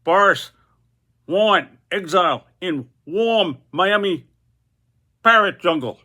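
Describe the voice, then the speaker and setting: A cheeky talking parrot. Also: male voice, sits high, expressive, slow, bright, forceful tone, voice pushed up, full character voice. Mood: squawking, cheeky. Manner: squawky, clipped broken phrases. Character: squawking male parrot, cheeky pet-shop bird.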